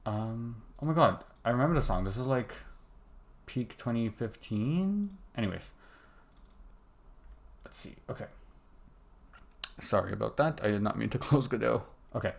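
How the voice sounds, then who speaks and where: A young man codes a game on stream, talking to himself in casual live commentary and breaking off mid-sentence, with typing and mouse clicks in the background. His medium-pitched voice is gravelly and expressive, unhurried, with long pauses.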